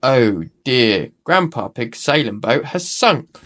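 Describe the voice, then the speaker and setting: A man reading a picture book aloud to children, expressive, with small self-corrections. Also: medium pitch, takes it slowly. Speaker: storyteller.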